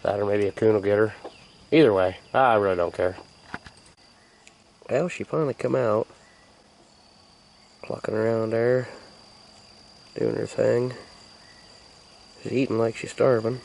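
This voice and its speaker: Gravelly laid-back man talking outdoors. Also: fairly low pitch, unhurried, pauses often, darkish tone, slight background noise. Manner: laid-back, drawling, mutters asides. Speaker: homesteading vlogger. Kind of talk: casual rambling narration. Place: outdoors in a rural yard by a chicken coop. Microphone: handheld camera. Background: crickets and insects outdoors.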